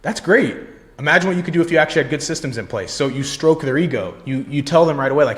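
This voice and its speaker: A man's voice: medium pitch, fast talker, fairly bright tone. Blunt, confident young man coaching sales. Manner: blunt, confident, profane, lots of "right?" and "like". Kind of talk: casual instructional talk.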